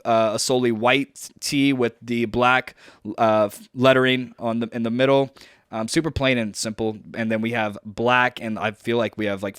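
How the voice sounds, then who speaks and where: A young man co-hosts a podcast from home, rambling and joking with plenty of fillers. His voice is smooth and clear at a middle pitch. The sound is dry and close to the mic. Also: a bit bright, no room sound. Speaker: podcast co-host. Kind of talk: casual podcast chat. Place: at home on a video call.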